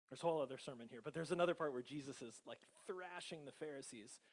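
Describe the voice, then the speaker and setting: A man's voice: fairly high pitch, fast talker, hardly any pauses. A male pastor with an American accent preaching a casual, conversational sermon, often chuckling and checking in with the congregation. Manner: conversational, laughs often, many tag questions.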